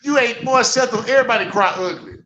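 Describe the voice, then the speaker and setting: A man's voice: very high voice, quick pace, sharp tone, dull audio. Joking man hosting an echoey call-in podcast. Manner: loose, joking, teasing. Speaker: podcast host. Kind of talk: casual group podcast chat. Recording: echoey room, noisy remote call.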